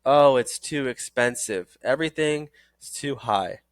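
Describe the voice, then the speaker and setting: A man's voice: medium pitch, measured pace, dry recording, studio quality, natural voice. A man voicing an older woman client who complains plainly that insurance quotes are too expensive. He barely changes his own voice for her. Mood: complaining.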